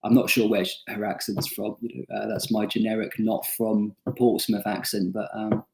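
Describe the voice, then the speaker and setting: A young man tells stories about his travels in an easy, self-mocking way, often pausing on fillers. His voice sits fairly low and sounds roomy, as if recorded in a bare space. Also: flat delivery, vocal fry, darkish tone. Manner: chatty, self-deprecating storyteller with frequent fillers. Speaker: author interviewed about his book. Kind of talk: casual anecdotal interview. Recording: roomy echo.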